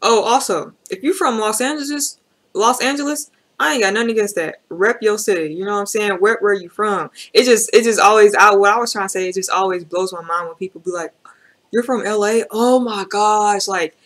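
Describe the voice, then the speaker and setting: A woman's voice: medium pitch, brisk, a bit bright. A woman hosting a reaction video, talking casually and chattily with slang and lots of fillers.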